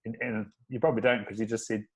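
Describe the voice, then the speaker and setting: Flat-voiced, hesitant podcast host man. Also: lowish voice, fast, husky, poor audio. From outside Australia. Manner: warm, hesitant, repeats words. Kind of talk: casual chat.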